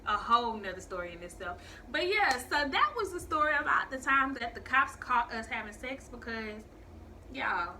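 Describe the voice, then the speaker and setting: A young woman telling a story on her vlog in a casual, profane, animated way, acting out the people she quotes. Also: fairly high pitch, a little hiss or hum.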